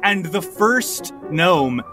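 Man game master, playful narration, unhurried, lively pitch, faint music. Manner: playful, laughing.

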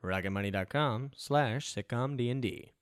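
A man's voice: mid-range voice, normal speed, smooth, dry recording, clean studio sound. A man reading sponsor ads on a podcast in a mock-intense, dramatic manner. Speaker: ad reader. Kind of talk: podcast ad read.

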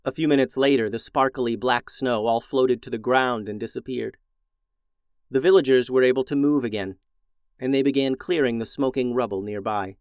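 A man narrating a scripted children's story in a gentle, expressive storytelling manner, as host of the show. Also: mid-range voice, moderate pace, clean tone, no echo, studio quality.

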